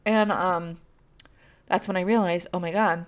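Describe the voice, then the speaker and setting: A woman's voice: fairly low pitch, fairly even intonation, a little slow. Woman rambling with frequent swearing. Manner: candid, self-deprecating storytelling. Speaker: podcast host. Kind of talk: casual chat.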